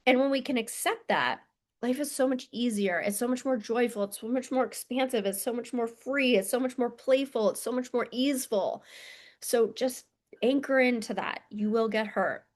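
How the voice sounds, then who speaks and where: Earnest female mentor, slightly high voice, emphatic casual monologue. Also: moderate pace, a little mellow. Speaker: mentor and coach. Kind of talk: motivational monologue to camera.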